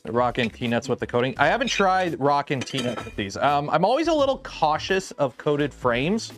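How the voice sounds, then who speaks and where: A man's voice: a little high, big pitch swings, moderate pace, a bit bright, soft background music. A man hosting a casual livestream from his garage workshop, chatting loosely with lots of ums and restarts as he builds. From lives south of Detroit. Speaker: livestream host building a 3D printer.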